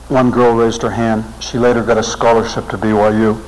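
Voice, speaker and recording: A man's voice: lowish voice, level tone, fairly quick, darkish tone, a little hiss or hum, poor audio. A middle-aged man telling a personal story to a religious audience in an earnest speaking style. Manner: earnest storytelling, voice rising with emotion. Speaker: seminary teacher and speaker.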